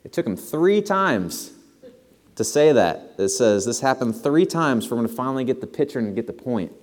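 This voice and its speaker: A man preaching a sermon to his church, earnest and building to animated emphasis. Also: medium pitch, moderate pace, big-room sound. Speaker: pastor. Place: church sanctuary.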